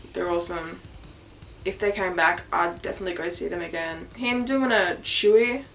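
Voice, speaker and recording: Chatty young Australian woman vlogger. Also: medium pitch. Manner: chatty and excitable, laughs often, swears casually. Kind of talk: casual chat.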